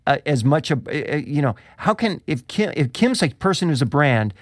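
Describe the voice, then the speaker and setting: A man's voice: a little high, sing-song, normal speed, dry recording. Inquisitive man in a dry, close sound. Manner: inquisitive, builds questions, laughs easily. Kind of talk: conversational discussion.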